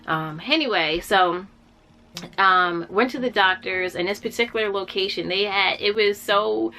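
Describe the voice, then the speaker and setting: Bright-voiced young woman telling a story. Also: lowish voice. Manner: candid and heartfelt, with frequent fillers and restarts. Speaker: vlogger sharing a personal story. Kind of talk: casual personal storytelling.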